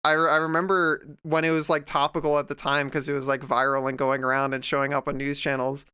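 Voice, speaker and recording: A man's voice: on the high side, level tone, quick pace, pushed and bright, clean tone. A young man streaming while drawing, chatting casually and ranting sarcastically at a desk microphone. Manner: sarcastic, ranting, mocking voices of others.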